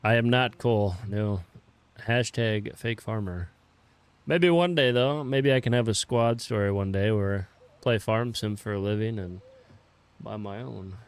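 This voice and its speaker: A young man casually chatting with viewers while playing a farming game, relaxed and swearing offhandedly. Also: lowish voice, moderate pace, clear, resonant tone, no echo. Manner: laid-back, swears casually, greets viewers by name. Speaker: game streamer. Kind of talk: casual live-stream chat while playing.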